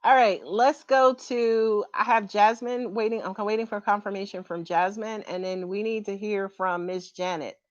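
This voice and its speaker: A woman's voice: medium pitch, fairly even intonation, moderate pace, few pauses, dry recording. A woman giving a livestream tarot reading who grows emotional and keeps asking viewers for confirmation, heard over dull lo-fi audio. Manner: emotional, repeatedly asks for confirmation. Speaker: tarot reader.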